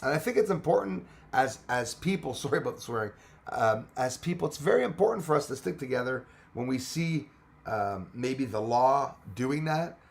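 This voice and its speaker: A space channel's livestream host, a man with a Quebec French accent, chats casually with viewers, hopping between English and French and swearing freely. His medium-pitched, gravelly voice is animated and moves at a moderate pace.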